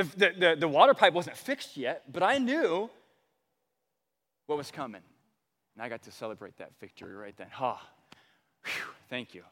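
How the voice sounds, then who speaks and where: A male pastor preaching a sermon, telling a personal story with animated delivery and sudden swings between loud and quiet. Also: medium pitch. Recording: long hall reverb.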